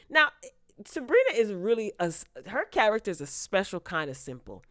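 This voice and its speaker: A woman's voice: medium pitch, big pitch swings, moderate pace, a bit bright, no echo, studio quality. A woman recapping a TV episode in casual chat, breaking off into incredulous, sarcastic asides. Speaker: TV recap vlogger.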